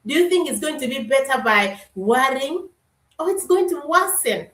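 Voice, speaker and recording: A middle-aged woman with a fairly high voice, giving an earnest motivational talk and calling her listeners brother and sister. She often repeats and restarts her words as she presses her point. She sounds a little away from the mic, in a roomy, echoing space. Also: lively intonation, moderate pace, a bit bright. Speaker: motivational speaker. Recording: echoey room, voice from a distance.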